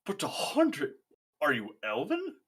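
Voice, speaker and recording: A man's voice: on the high side, huge pitch swings, slow, a bit bright, breathy edge, voice pushed up, exaggerated voice. Tabletop game NPC: an old dwarf toymaker, polite and old-fashioned, as a man puts him on, with a swooping voice. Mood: gentle. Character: older male dwarf toymaker, kind to kids, cold to adults.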